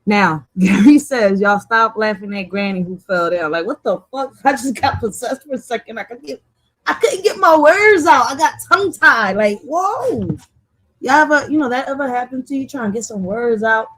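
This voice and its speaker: Woman, livestream host, casual chat, animated, swears a lot, laughs often, slightly high voice. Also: normal speed. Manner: animated, laughing, profane, addresses the chat directly.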